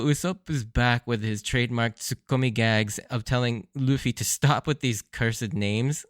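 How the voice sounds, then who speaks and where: A man's voice: medium pitch, unhurried, clear, resonant tone, no room sound, studio quality. Enthusiastic man recapping anime. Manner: enthusiastic, laughs often. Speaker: podcast host. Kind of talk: casual episode recap.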